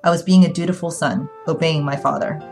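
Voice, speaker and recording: A woman reading the lines of a quiet, reserved young man in a story, in a low, restrained way. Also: fairly even intonation, brisk, soft background music.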